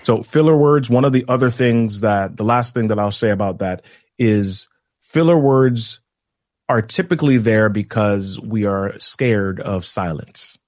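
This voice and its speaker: A man guesting on a podcast as a communication trainer, explaining things in a measured way with deliberate pauses. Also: on the low side, darkish tone, no room sound, studio quality. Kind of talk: instructive podcast conversation.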